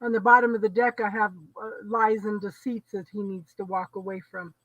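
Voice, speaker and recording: A woman who is a tarot reader, reading oracle card messages aloud in a calm, measured way. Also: mid-range voice, dry recording. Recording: dull, slightly distant mic.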